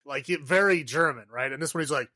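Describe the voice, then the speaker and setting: A man's voice: on the high side, fast, pushed and bright, no echo. A man co-hosting a podcast, chatting loosely about a film, swearing and laughing often. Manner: loose and profane, laughs often, many "like" fillers. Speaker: podcast co-host. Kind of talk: casual movie review chat.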